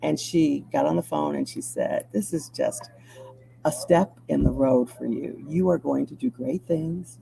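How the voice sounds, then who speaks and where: A woman's voice: a bass voice, moderate pace, creaky, dark tone, slight background noise, rough recording. A middle-aged woman from Chicago, a TV news anchor, telling a personal story as an interview guest and acting out the voices she quotes.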